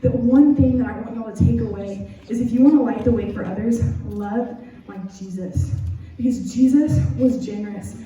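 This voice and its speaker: Speaking briskly with hardly any pauses, this young woman from Texas has a slightly high, mellow voice and a Texan accent. She's delivering a youth-group sermon built around a personal story, earnest and open in a conversational way. The church youth room echoes, and the mic picks her up from far off.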